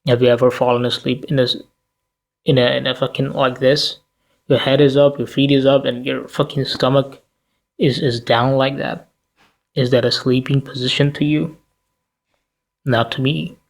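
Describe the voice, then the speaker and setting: A man's voice: medium pitch, little pitch movement, normal speed, vocal fry, pauses often. Tired man in a profane rant. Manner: profane, blunt, rhetorical questions. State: tired, sleepy. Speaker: commentary vlogger. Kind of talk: ranting commentary to camera.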